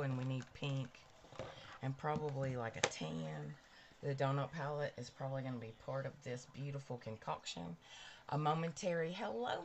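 A woman's voice: very deep voice, creaky, a little mellow, slight background noise. A middle-aged woman chatting straight to her live-stream viewers at home while doing her makeup, gushing and chatty. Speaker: livestream host. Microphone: cabled mic near a ring light.

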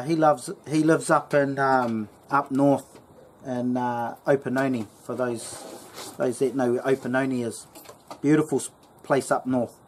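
A man with a New Zealand accent telling a story and giving a casual how-to talk as a bushcraft channel host, rambling and chatty. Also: on the high side. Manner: rambling, lots of fillers and restarts, chatty.

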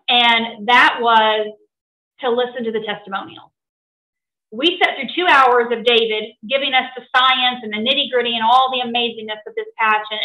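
A middle-aged woman speaks to a gathered audience, her voice fairly high and bright. She tells her story in an animated way and often laughs. The sound is echoey, like a room. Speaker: presenter.

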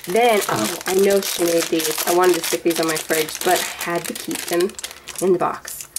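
A woman's voice: on the low side, fairly even intonation, normal speed, background noise. A woman in her thirties chatting casually as she unboxes a gift box of craft supplies, gushing and rambling with lots of fillers. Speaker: vlogger showing a gift box. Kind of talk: casual show-and-tell unboxing.

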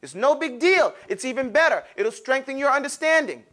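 A man teaching Arabic pronunciation to a class, demonstrating sounds with exaggerated mouth shapes in an animated way. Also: extremely high pitch, a little fast. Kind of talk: classroom lesson. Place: classroom with students.

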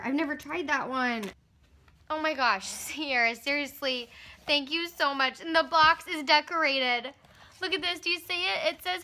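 A young woman in her twenties vlogging casually at home, gushing and gasping with excitement as she unboxes a gift. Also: high-pitched. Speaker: fitness vlogger. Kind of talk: casual vlog.

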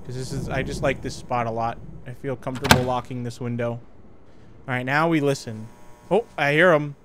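A man's voice: mid-range voice, fairly even intonation, fairly quick, very noisy. A young man commenting on a horror game as he plays, jumpy and joking, laughing often. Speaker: gaming youtuber.

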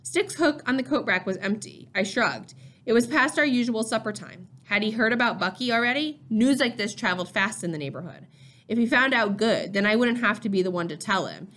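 A woman reading a first-person novel aloud in a steady, measured storytelling voice. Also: medium pitch. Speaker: audiobook reader. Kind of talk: first-person scripted narration.

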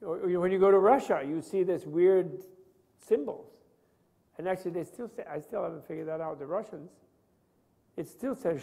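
A man's voice: sits high, moderate pace, vocal fry, mellow. An older man lecturing on Buddhist philosophy, rambling and conversational, often checking in with his listeners. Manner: rambling, conversational, asks students questions. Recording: long reverb of a hall.

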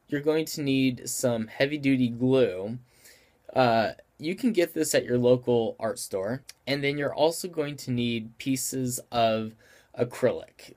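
A man hosting a craft tutorial, talking through the steps in a casual, friendly way while he has the hiccups and stops to apologize for them. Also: mid-range voice. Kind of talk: casual how-to explanation.

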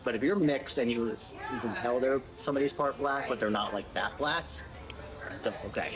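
A man's voice: medium pitch, moderate pace, crowd noise, low-quality recording. A man interviewed casually about his workplace, speaking hesitantly with many fillers. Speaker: studio employee being interviewed. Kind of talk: casual conversation.

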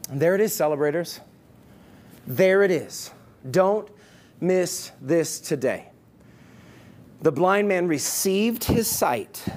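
Brief: high-pitched male pastor preaching online, emphatic, playful. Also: a little mellow. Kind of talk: online sermon.

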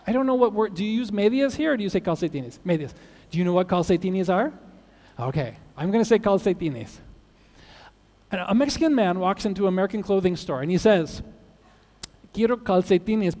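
A man's voice: high voice, a little mellow. A man speaking at a teachers' conference, telling jokes and asking the audience questions in a playful way. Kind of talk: joke-telling talk to an audience. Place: large conference hall. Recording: long reverb of a large hall.

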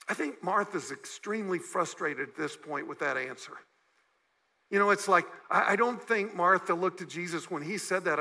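Bright-voiced man preaching a sermon. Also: high voice, normal speed, gravelly, husky, low-quality recording. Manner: conversational preaching, acting out emotional quotes. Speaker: guest pastor. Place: church sanctuary.

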